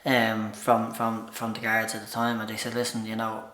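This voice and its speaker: A man's voice: fairly low pitch, monotone, normal speed, pushed and bright. A man with a Dublin accent, a shop manager telling stories in a casual podcast chat, joking and laughing often. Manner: jokey storyteller, laughs often. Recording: echoey room.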